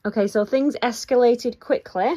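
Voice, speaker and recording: A woman's voice: on the high side, steady tone, normal speed, warm tone. A woman, chatting casually as she vlogs from her child's bedroom at home, rambling with lots of fillers. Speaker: vlogger and mum. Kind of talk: casual home vlog chat.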